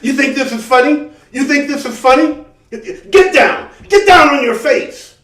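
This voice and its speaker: A man's voice: very high voice, lively intonation, measured pace, pitched above the performer's own voice, heavily acted. A man playing a frightened young male police officer who barks commands at the top of his voice. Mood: furious. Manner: barking shouted commands. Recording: roomy sound from a distant mic.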